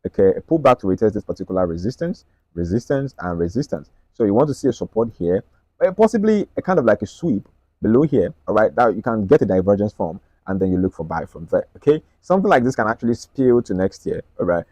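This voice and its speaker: A man walking viewers through his market analysis on screen, talking quickly and checking in with them often. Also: lowish voice, sing-song, warm tone, no echo. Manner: rapid, repetitive, checks in with "right?" and "okay?". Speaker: trading analyst.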